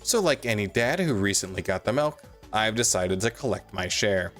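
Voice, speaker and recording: A man's voice: on the low side, animated, normal speed, a bit bright, faint music behind. A young man giving comedic gameplay commentary, joking and self-mocking with stammered restarts. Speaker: gaming youtuber.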